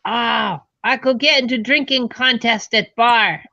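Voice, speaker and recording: A woman chatting casually on a stream, giggly and lively. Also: fairly high pitch, unhurried, dry recording, highs cut off. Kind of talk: casual chat.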